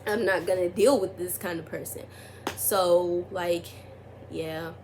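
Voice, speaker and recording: Speaking slowly in a lowish, fairly even voice, a young woman tells a personal story for her casual vlog, with a little hiss or hum in the background. Her telling rambles, is packed with "like" and other fillers, keeps restarting, and turns emphatic when she recounts arguments.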